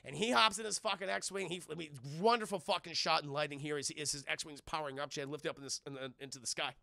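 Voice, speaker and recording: High-pitched, gravelly-voiced excitable streamer. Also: male voice, fast, no echo. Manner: excitable, swears a lot, keeps addressing the chat. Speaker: streamer reviewing a film with his chat. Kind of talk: animated live-stream recap, loosely acting out scenes.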